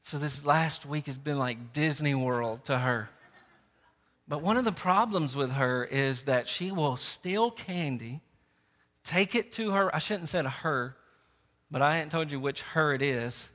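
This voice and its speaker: A middle-aged man preaches in a high, bright voice, and his delivery is animated and conversational, with frequent repeated words. His voice carries the long reverb of a church sanctuary. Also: a little slow. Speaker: pastor. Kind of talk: sermon.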